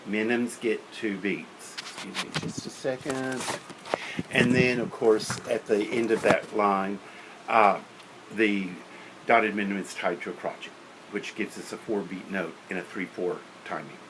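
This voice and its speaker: Low-voiced man teaching band class. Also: steady tone, unhurried, background noise. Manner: counts and sings rhythms aloud; practical, opinionated. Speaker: music teacher. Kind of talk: lecture on teaching beginner band.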